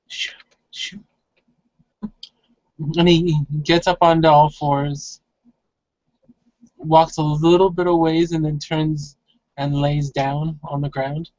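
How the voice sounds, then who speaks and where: A game master steadily describes the scene and asks for dice rolls in a tabletop role-play game. The voice sits at an ordinary pitch. The audio is dry and dull, with a lo-fi sound. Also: a little mellow, no room sound.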